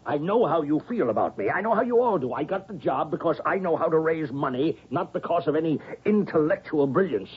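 An actor playing a middle-aged university president who stammers and pressures a professor, in a 1970s radio drama. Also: male voice, fairly high pitch, expressive, fairly quick, few pauses, breathy edge. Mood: stern. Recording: dull vintage radio recording.

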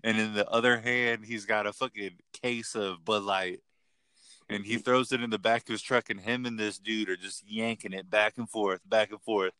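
Young podcast guy, bright and forceful tone, dry close mic, swears a lot. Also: fairly low pitch, moderate pace, clear, resonant tone, no room sound. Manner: profane, rambling, animated storyteller. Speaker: podcast co-host. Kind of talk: casual storytelling chat.

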